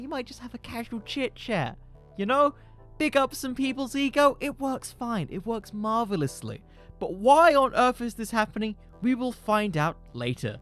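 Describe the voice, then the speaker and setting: A man hosting a podcast, spinning comedic stories in a rambling, jokey voice that swings up and down freely. Faint music sits quietly behind him. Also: sits high. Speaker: podcast host.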